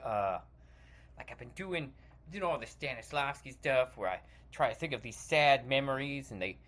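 Brief: eager young actor, acted by a man, starstruck, stammering, animated. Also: medium pitch. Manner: gushing and stammering, full of 'like' and restarts. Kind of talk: comedy sketch.

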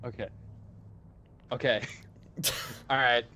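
A man's voice: mid-range voice, steady tone, slow, sharp tone, slight background noise. A man playing a tabletop game, laid-back and casual, swearing now and then. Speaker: player.

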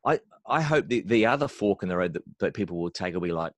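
Animated low-voiced man, dry sound. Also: fast talker, hardly any pauses, no echo. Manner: animated, emphatic, repeats words when starting phrases. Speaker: worship leader mentor and podcast guest. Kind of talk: conversational interview.

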